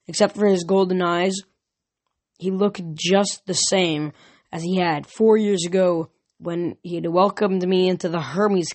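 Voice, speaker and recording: A reader narrating a novel chapter aloud in steady first-person storytelling. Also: mid-range voice. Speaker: audiobook reader. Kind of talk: fan audiobook narration.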